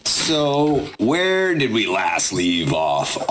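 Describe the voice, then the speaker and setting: A man running a tabletop game as game master, narrating in a relaxed, halting way. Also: fairly low pitch, a little hiss or hum. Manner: relaxed, halting, many restarts.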